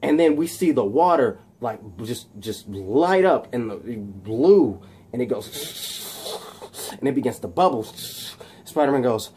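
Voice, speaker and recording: A man casually retelling a movie fight scene, animated and shouting sound effects, with many fillers. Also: medium pitch, measured pace, slight background noise. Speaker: video host recapping a film.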